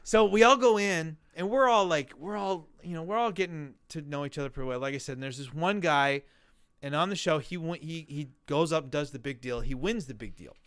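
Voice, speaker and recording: A man telling his own story in a casual interview, animated and acting out the voices of people he quotes. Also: on the high side, fairly quick, clean tone. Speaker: guest telling his weight-loss story.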